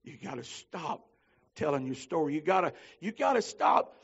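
A man preaching a holiness sermon, telling stories with fervor and swinging from shouts to low pleading. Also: big pitch swings, moderate pace, gravelly, breathy edge, dull audio. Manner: fervent, climbs to shouting then drops low. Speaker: minister.

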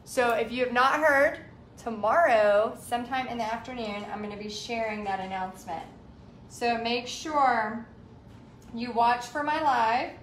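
A woman's voice: on the high side, a little slow, a bit bright, slight background noise. A woman, hosting a casual live art stream and chatting as she reads viewer comments aloud. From Texas. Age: 40s. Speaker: art livestream host. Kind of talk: casual live craft demo chat. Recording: roomy livestream sound.

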